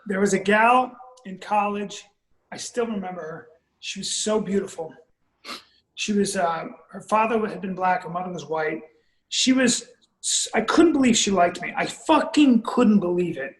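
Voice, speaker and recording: High-voiced man in an echoey room. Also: moderate pace. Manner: blunt, profane, exaggerating storyteller. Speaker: podcast co-host. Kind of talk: casual storytelling chat. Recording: roomy echo.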